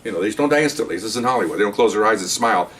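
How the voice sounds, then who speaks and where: An older man recounts an old police call in a loose, rambling way, now and then acting out the yelling. He talks quickly and sits a little back from the mic, so the voice sounds slightly distant. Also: lowish voice, slight background noise. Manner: rambling, animated, acts out shouted commands. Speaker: retired police officer telling stories. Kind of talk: casual storytelling.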